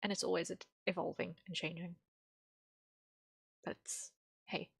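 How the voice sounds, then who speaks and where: On a dry recording, a young English-speaking woman with a low-side, gravelly, slightly breathy voice talks unhurriedly in a level tone. She's drawing on stream and rambling through her thoughts, full of fillers and little laughs.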